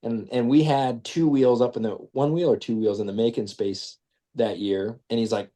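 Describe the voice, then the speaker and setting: A man telling a story in animated, casual fashion, slipping into quoted voices as he goes. He sits at an ordinary middle pitch. He restarts his sentences often, talking it through as he remembers. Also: moderate pace. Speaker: guest, business owner.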